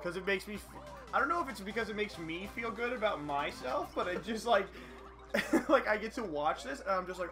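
Slightly high-voiced young man, hesitant. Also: animated, a little fast. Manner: hesitant, restarts often, says "uh". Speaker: podcast co-host. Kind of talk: casual podcast chat.

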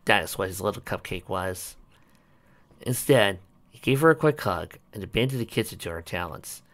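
A man with a fairly low voice reads a story aloud. His reading is plain and a little uneven, and he stumbles over a word now and then. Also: animated, moderate pace, a bit bright. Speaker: reader.

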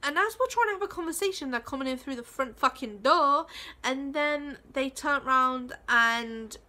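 A woman's voice: high voice, moderate pace, sharp tone. A woman vlogging in a casual, heated rant, rambling with lots of swearing and fillers. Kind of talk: casual ranting vlog.

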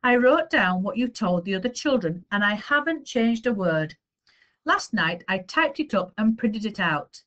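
A woman voicing a kind female primary teacher who speaks gently and coaxingly in a read-aloud storybook. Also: medium pitch, expressive, unhurried, dull audio. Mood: gentle.

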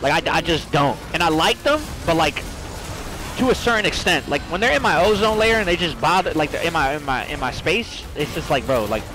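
A man streaming a video game, ranting in a rambling, profane, excitable way, filling his talk with "like" and "literally.". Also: on the high side, brisk, low-quality recording. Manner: fillers, repeated "like" and "literally". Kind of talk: casual gaming stream chat. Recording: music playing behind voice.

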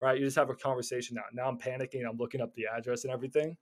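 A man teaching cold calling in a casual, energetic way, often stumbling over and repeating words. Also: medium pitch, very fast. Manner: energetic, stumbling repeats, slips into acted phone calls. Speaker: real estate investor teaching cold calling. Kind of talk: casual instructional talk.

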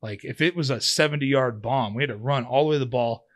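A man's voice: medium pitch, fast talker. Rambling thirty-something man telling stories. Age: 30s. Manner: rambling, filler-heavy, with many restarts and "like". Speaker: podcast guest, former pro football player. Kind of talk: casual storytelling in an interview.

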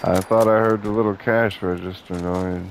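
Young guy playing a game and cracking jokes, lowish voice, faint noise and clicks. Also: steady tone, normal speed, rough recording. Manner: joking, sarcastic, swears often. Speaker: gameplay streamer. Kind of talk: casual gameplay commentary.

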